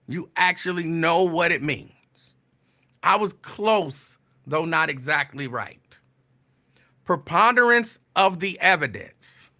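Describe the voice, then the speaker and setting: A man hosting a call-in radio show in a loose, teasing way. He laughs a lot and repeats his own lines, and at times he slows down to read a definition out deliberately. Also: high-pitched, bright, forceful tone. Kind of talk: casual call-in radio talk.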